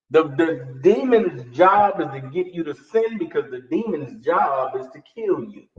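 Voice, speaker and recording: A man preaching a blunt sermon full of street slang. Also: fairly high pitch. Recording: distant, echoey, dull recording.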